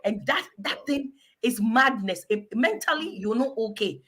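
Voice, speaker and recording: High, bright, emphatic African woman. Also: expressive, a little slow. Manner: emphatic, exhortative, preachy. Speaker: guest. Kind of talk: animated advice talk.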